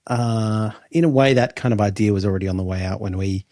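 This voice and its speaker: A man's voice: on the low side, fairly quick, dark tone, no room sound, clean studio sound. An Australian man in his thirties, co-hosting a podcast in casual chat and musing aloud with many restarts. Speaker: podcast co-host.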